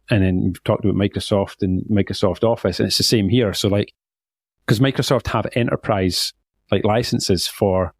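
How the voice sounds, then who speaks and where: A man hosting a podcast talks things through in a conversational way, thinking aloud with many fillers. His voice sits on the low side with a darkish tone, and there's no echo.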